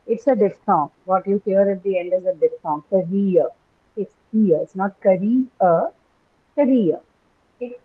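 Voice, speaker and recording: A woman's voice: medium pitch, moderate pace, slightly rough. A woman teaching an English class online, patiently repeating words and questioning her students. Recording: tinny phone-like call audio.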